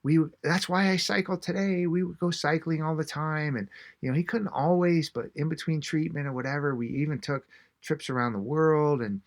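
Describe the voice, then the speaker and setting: A man's voice: normal speed, a bit bright, dry recording, clean studio sound. A man voicing a chatty, friendly woman cyclist who gushes in a raised voice. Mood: fond. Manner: bubbly, gushing, high-pitched.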